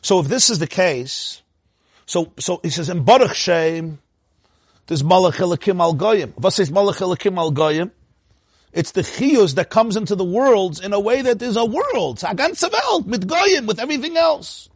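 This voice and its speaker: Husky guy teaching torah, voice jumps way up and down, dry close sound, slightly high. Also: normal speed, dry recording. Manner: animated, laughs often, swoops up into a high voice. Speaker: rabbi teaching a class.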